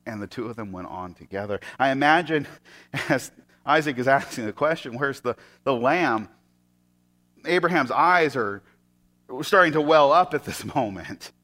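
A man preaching a sermon. He retells a scripture story and often drops into soft, hushed tones. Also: medium pitch, lively intonation, normal speed.

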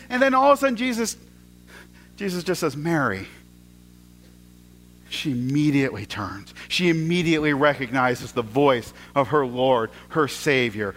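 A male pastor preaching a storytelling sermon, swinging from excited rises to hushed asides and often repeating words. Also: mid-range voice, slight background noise.

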